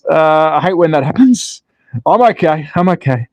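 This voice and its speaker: A man hosting a slot car channel live-streams from home while he builds a track, reading chat aloud in a chatty, self-deprecating manner. He speaks at normal speed in a highish voice with lively intonation, and the sound is lo-fi with no room sound.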